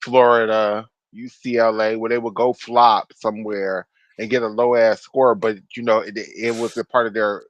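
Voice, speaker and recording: A man co-hosting a casual podcast who is blunt and opinionated and swears casually. His voice sits somewhat low. The recording is dry and dull, with a lo-fi edge. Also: little pitch movement, moderate pace, no echo. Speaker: podcast co-host. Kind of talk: casual chat.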